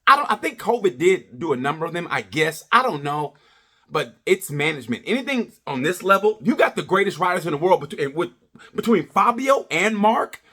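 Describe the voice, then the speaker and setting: Animated, profane male vlogger. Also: high-pitched, moderate pace, slightly rough. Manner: profane, rambling, jokey. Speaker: racing review vlogger. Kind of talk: casual ranting review.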